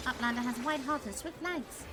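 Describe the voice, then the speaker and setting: A woman's voice: sits high, brisk, noisy background, close to an everyday voice. A woman putting on a chirpy broken-speech creature. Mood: cheerful. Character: cheerful small beast-tribe merchant creature. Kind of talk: reading game dialogue aloud.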